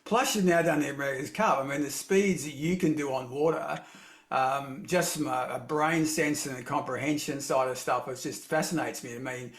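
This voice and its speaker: A man's voice: mid-range voice, normal speed. A man hosting a podcast interview, chatty and rambling, telling long anecdotes. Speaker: podcast host. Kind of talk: casual interview chat. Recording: echoey room.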